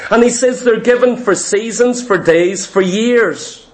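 A man's voice: high voice, measured pace. A man preaching a sermon, emphatic and full of repeated rhetorical questions.

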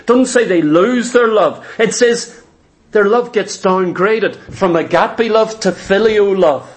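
Preacher, high-pitched man, fervent emphatic sermon delivery. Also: slow pace. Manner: fervent, emphatic, repeats for stress.

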